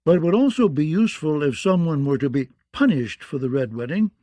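A man voicing a sly counselor who speaks in a measured, insinuating way. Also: fairly high pitch, lively intonation, warm tone, no room sound, close to an everyday voice.

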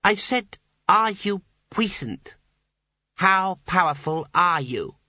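A man's voice: high voice, expressive, slow pace, bright, forceful tone, no echo, voice pushed up, full character voice. A man voicing an eerie, icy young boy. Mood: insistent. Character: cold, eerie, self-assured young boy. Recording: dull lo-fi dry recording.

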